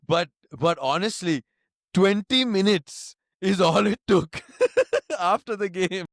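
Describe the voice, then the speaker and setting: A man co-hosting a casual football podcast, talking in a measured, analytical way and laughing often. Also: sits high, lively intonation, no echo, clean studio sound. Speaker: podcast co-host.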